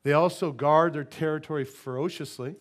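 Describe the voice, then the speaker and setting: A man preaching a sermon in church, animated and joking, often asking the congregation for an amen and tossing in silly voices and sound effects. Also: fairly high pitch, fairly quick. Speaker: pastor. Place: church sanctuary.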